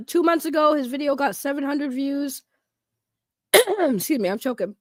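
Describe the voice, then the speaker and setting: A woman doing casual YouTube commentary, animated and profane, laughing in disbelief. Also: high voice, a little slow, dry recording, clean studio sound.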